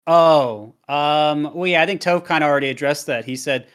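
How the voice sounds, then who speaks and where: A man's voice: a little high, moderate pace, a bit bright, clean tone. A young man speaking in an interview, candid and self-deprecating as he reflects on his past. He talks at an easy length, owning his limits plainly. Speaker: guest, competitive player and streamer.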